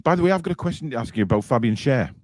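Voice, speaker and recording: A man's voice: medium pitch, lively intonation, racing, darkish tone, no echo. A man hosting a casual live fan show, reading out viewer comments and teasing his co-hosts. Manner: teasing, jokey, reads comments aloud.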